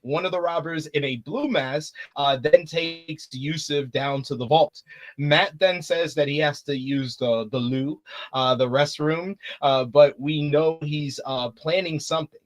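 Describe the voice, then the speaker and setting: A man's voice: on the high side, unhurried. A man hosting a casual review show, recapping the plot in a laid-back way with frequent fillers. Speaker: host.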